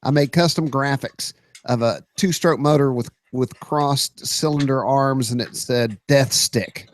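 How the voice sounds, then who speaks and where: A man, hosting a podcast and telling a story with lots of energy, shouting out sound effects and quoted lines. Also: medium pitch, unhurried. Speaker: podcast host.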